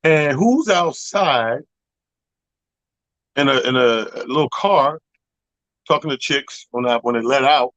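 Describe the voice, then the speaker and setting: A man co-hosting a radio talk show, telling a profane, animated story in casual chat. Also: medium pitch, unhurried, long pauses, no echo, highs cut off. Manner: animated, profane, acts out other people's voices. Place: radio studio. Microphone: studio microphone.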